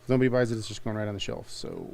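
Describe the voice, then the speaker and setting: A man's voice: fairly low pitch, huge pitch swings, rapid-fire, creaky, darkish tone. Jokey man selling comics on a stream. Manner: jokey, rambling, laughs often. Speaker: host of a live comic sale stream. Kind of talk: casual sales chat.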